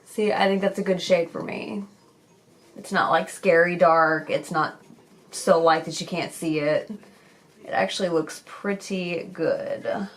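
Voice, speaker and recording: A woman's voice: on the low side, fairly even intonation, a little slow. A young woman chatting candidly as a beauty vlogger while she does her makeup, swearing casually as she goes.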